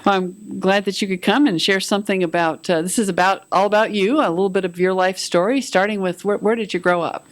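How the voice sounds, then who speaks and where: Woman host, local interview show, gentle and halting, mid-pitched. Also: steady tone. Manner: gentle, halting questions with fillers.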